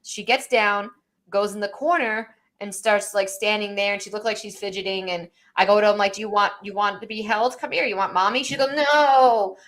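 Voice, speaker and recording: A young woman talking casually on a live podcast, retelling a story about her toddler. Her pitch sits mid-range. She strings the story together with frequent "like"s and acts out what was said. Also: fairly even intonation, fairly quick, a bit bright. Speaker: podcast co-host. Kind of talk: casual chat.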